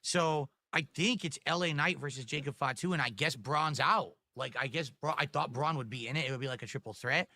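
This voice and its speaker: A man's voice: on the high side, brisk, hardly any pauses, pushed and bright. A man hosting a live wrestling commentary stream, chatting casually and asking viewers for support. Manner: chatty, asks chat for support, restarts a lot.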